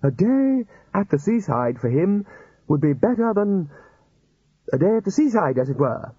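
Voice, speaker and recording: A man voicing a wistful, cold old wizard who pleads in a drawn-out, whining way. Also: sits high, big pitch swings, warm tone, slightly rough, no echo, dull audio, voice pushed up, heavily acted.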